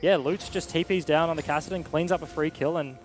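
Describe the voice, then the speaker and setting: A man giving quick analytical color commentary on an esports match, bantering with his co-caster. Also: on the high side, fairly even intonation, soft background music.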